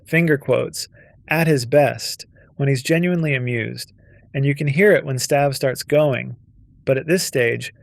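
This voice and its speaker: A man's voice: medium pitch, gravelly, no room sound, clean studio sound. A man narrating a scripted video essay with a punchy, wry delivery.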